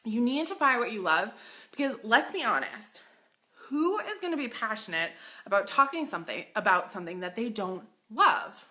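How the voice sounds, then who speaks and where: Woman, boutique business coach, bright voice, lively swooping pitch, bubbly, chatty live stream. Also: moderate pace. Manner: bubbly, excitable, gushing; chatty, says "like" often.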